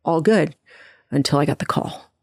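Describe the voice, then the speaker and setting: A middle-aged woman from New Jersey, a podcast guest telling her personal story in earnest, quick bursts with frequent restarts. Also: low voice, a little mellow, no room sound, studio quality. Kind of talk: personal testimony in a conversational interview.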